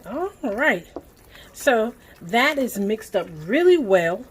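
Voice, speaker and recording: A woman's voice: a little high, sing-song, slow, a little hiss or hum. A middle-aged woman with a Southern US accent, chatting folksily to her viewers as she stirs and cooks in her home kitchen. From Southern United States. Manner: folksy, talks straight to viewers while stirring. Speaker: cooking channel host. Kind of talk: chatty cooking demonstration.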